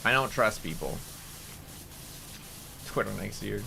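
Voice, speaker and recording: Bright-voiced, profane male streamer. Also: slow pace, creaky, a little hiss or hum. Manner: profane, excitable, jumps into high-pitched outbursts. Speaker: VTuber streamer. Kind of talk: casual livestream chat while gaming.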